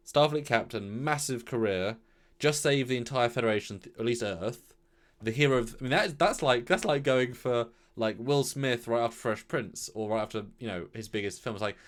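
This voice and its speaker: A man's voice: mid-range voice, moderate pace. A man co-hosting a review show, chatting casually and acting out quoted lines. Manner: chatty, repeats words, lively quoted asides. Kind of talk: casual episode review chat.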